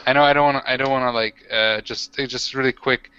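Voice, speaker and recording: A man playing a tabletop game, chatting in an excitable, rambling way with many restarts. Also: mid-range voice, quick pace, clear, resonant tone, no room sound, lo-fi sound. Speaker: player. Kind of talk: casual tabletop game chat.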